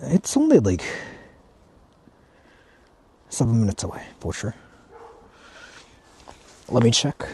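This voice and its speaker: A man's voice: mid-range voice, wildly swooping pitch, takes it slowly, long pauses, a little mellow, a little hiss or hum. A man from Japan livestreaming outdoors in the mountains, rambling casually with slang and swearing. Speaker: streamer.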